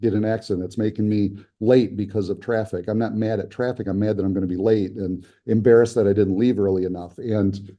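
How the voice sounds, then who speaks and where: A man's voice: on the low side, fairly even intonation, fairly quick, hardly any pauses, mellow. A man giving a conversational lecture as an instructor, often acting out short quoted complaints and replies. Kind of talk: lecture on conflict resolution.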